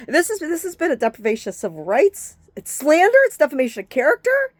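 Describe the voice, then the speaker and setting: A woman delivers a scattershot rant to the camera, her sentences breaking off and restarting as she leaps from one grievance to the next. Her voice sits on the higher side and swings dramatically up and down. She swears freely, and the sound is dry and close, with no room around it. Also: huge pitch swings, fast, no echo. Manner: agitated, profane, jumps between topics; speaks in fragments with frequent restarts. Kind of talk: rambling direct-to-camera rant.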